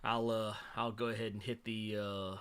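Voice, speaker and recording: A man's voice: on the low side, level tone, normal speed, a bit bright, clean tone. A man hosting a casual livestream, laid-back and slangy with his viewers, who keeps cracking up laughing and apologizing. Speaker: livestream host.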